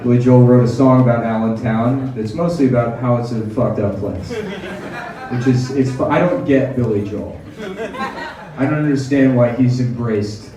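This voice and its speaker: A man doing a sardonic stand-up set on a club stage, tossing in quick mock voices. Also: mid-range voice. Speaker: stand-up comedian. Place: comedy club stage with audience laughing. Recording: echoey live room, heard from a distance, crowd laughter. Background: audience laughter.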